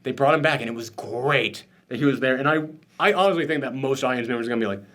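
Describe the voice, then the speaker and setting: A man's voice: mid-range voice, quick pace, fairly bright tone. A man hosting a spoiler discussion, emotional and choked up, gushing and swearing freely as he talks. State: tearful, choked up. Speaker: host.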